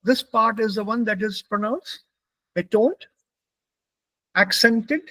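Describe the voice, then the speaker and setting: A man's voice: sits high, takes it slowly, bright, forceful tone, no room sound, poor audio. A man from India with an Indian English accent, teaching a German pronunciation class and patiently repeating words for his students.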